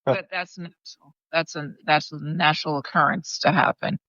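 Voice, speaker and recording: A woman's voice: sits low, fairly even intonation, normal speed, sharp tone, dry recording. A woman, reassuring and telling a story in casual conversation. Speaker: podcast participant. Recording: dull lo-fi.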